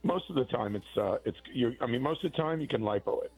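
A man's voice: mid-range voice, animated, fast talker, gravelly, darkish tone, husky, faint music behind, low-quality recording. A man, a plastic surgeon, talking casually on a radio-style show and explaining procedures plainly, often restarting his sentences.

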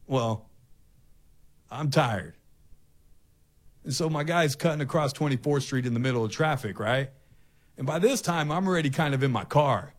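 Middle-aged male talk host, animated storyteller who acts out the people in his story. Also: medium pitch, moderate pace, pauses often. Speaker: radio host.

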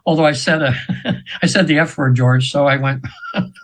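An older man in his seventies talks as a radio guest, his voice sitting slightly higher than most men's. He tells a spiritual story earnestly and at length, often stopping to restart a thought. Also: moderate pace, a bit bright, poor audio. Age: 70s. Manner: earnest, meandering, with frequent restarts.

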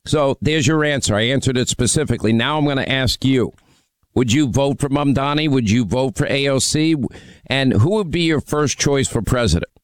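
In a radio studio, a man hosting a call-in talk show needles and mocks a caller in a brash, combative way. His mid-range voice is smooth at a normal speed, and the recording is dry.

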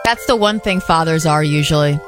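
A woman radio host chatting on air in a studio, telling stories in a lively, animated way. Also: deep voice, a little fast, over music. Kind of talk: casual on-air chat.

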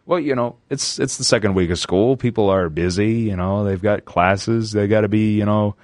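A man's voice: lowish voice, a little mellow, dry recording, clean studio sound. A young man as guest on a casual college radio show, playful and jokey. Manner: playful, jokey, drawn-out asides. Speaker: guest co-host.

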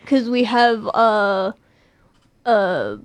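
A woman's voice: mid-range voice, expressive, drawn-out words, no echo. A young woman co-hosting a podcast, chatting casually and rambling with frequent restarts and laughter. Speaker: podcast co-host. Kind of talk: casual chat.

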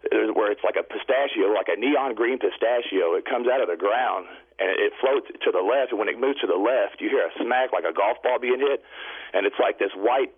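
A man calling in over a tinny phone line, rambling and halting, with a low voice. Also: slightly rough. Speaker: caller. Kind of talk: call-in storytelling. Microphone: telephone.

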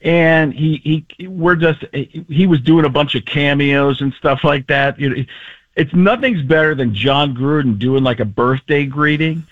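A man's voice: on the high side, no echo, narrow, tinny audio. Playful male impressionist on radio. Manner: quick, playful, jumping between voices. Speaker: impressionist guest. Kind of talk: radio interview.

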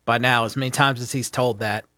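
A man's voice: medium pitch, steady tone, brisk, bright, forceful tone, no room sound, clean studio sound. A man co-hosting a casual sports talk show, playful and teasing, ribbing his partner. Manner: playful, teasing, jumps into mock voices. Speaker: co-host.

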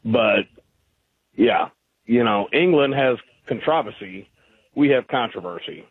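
Gravelly raspy guy on a tinny phone line, arguing with the host, lots of um. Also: mid-range voice, lively intonation, measured pace, slight background noise. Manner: argumentative, hesitant with fillers. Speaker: radio caller. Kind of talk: phone-in conversation.

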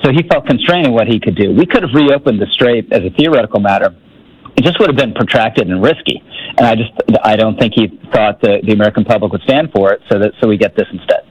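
A man's voice: lowish voice, fast talker, husky, dull audio. A man giving political commentary on a talk radio show, wry and skeptical, often restarting his sentences.

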